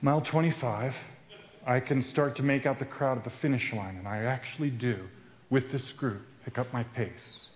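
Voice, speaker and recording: A man's voice: mid-range voice, normal speed, slight background noise. A man giving a sermon at a men's retreat, telling a personal story in an earnest way. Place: retreat camp meeting room. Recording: roomy echo.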